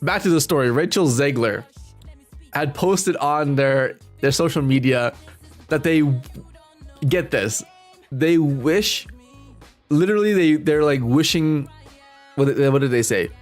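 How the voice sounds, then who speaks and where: A man's voice: fairly high pitch, a little slow, pauses often, soft background music. A young man giving rambling, casual live-stream commentary, laughing often and using lots of fillers while greeting his chat.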